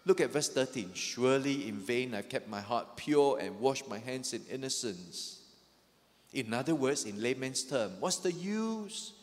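A man's voice: mid-range voice, moderate pace. A man preaching a sermon in a mid-range voice, emphatic and building in intensity as he voices the psalmist's struggle. His words ring out with a long hall reverb, as in a church sanctuary. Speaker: pastor.

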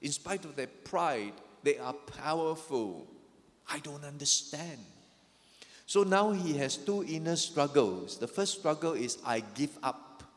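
A man's voice: on the high side, expressive, takes it slowly. A man preaching a sermon as a pastor, emphatic, acting out the psalmist's lament with rising energy. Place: church sanctuary. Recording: long hall reverb.

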